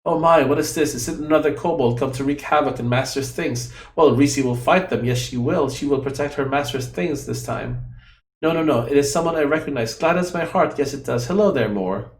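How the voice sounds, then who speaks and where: A man's voice: medium pitch, fairly quick, reverberant, natural voice. A man voicing a fretful childlike female guardian. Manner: talks about herself in the third person, broken grammar.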